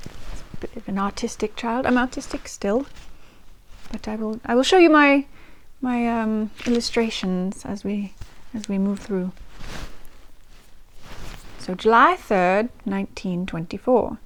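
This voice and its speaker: A woman's voice: medium pitch, a bit bright, natural voice. A woman reading in character as a fifteen-year-old artistic English girl keeping a diary, attempting a West London accent and speaking with small hesitations. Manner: chatty, thinking aloud with small hesitations.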